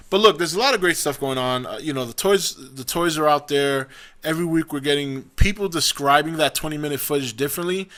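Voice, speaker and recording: A young man hosting a casual opinion vlog in a bright, forward voice that sits a little high for a man. He rambles in a chatty way, often restarting and correcting himself mid-sentence. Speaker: vlog host.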